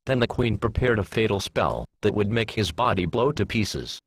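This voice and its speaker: Low, husky man reading a story. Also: expressive, moderate pace. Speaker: narrator. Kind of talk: fan fiction reading.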